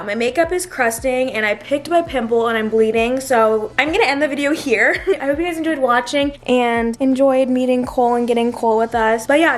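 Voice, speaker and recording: A young woman vlogging casually with her family's new puppy, giggly and excitable, laughing often. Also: high-pitched. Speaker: vlogger host. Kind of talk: casual vlog chat. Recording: background music over the voice.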